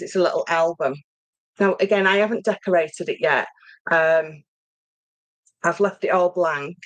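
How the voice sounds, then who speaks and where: Chatty woman, low voice. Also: dry recording, rough recording. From England. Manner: chatty, rambling, reads viewer comments aloud. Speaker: papercraft host. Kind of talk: casual livestream chat. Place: home craft room.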